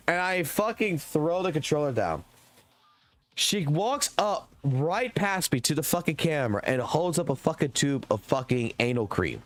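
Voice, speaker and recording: A young adult man streaming live, telling a long, rambling story in casual chat and swearing heavily. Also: a little high. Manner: profane, rambling, heated storytelling.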